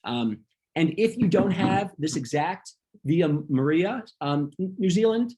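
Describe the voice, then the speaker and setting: Casual male teacher, husky voice, relaxed, lots of ums, online class. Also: high-pitched, slow. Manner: relaxed, many ums, talks through slides. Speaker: wine workshop instructor.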